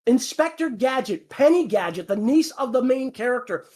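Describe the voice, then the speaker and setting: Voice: mid-range voice, lively intonation, moderate pace, a little mellow. A voice actor on a livestream Q&A, ranting heatedly with lots of swearing and repeated words. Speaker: voice actor on a fan channel. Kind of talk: livestream Q&A rant.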